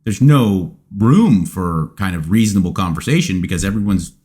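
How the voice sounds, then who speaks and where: Male host, fairly low voice, casual opinionated chat. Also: expressive, normal speed, dark tone. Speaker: podcast host. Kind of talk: casual conversation.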